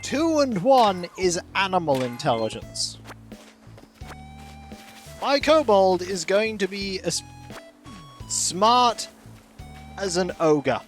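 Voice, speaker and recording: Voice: mid-range voice, sing-song, slow, pauses often, soft background music. A streamer giving casual, joking commentary while playing a game. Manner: dry, joking asides.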